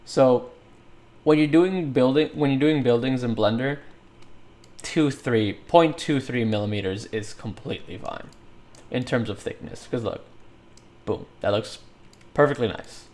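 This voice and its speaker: Here a livestreamer working in 3D software speaks at medium pitch, a bit slowly and slightly mellow, with long pauses. He rambles casually, muses aloud and laughs often as he works.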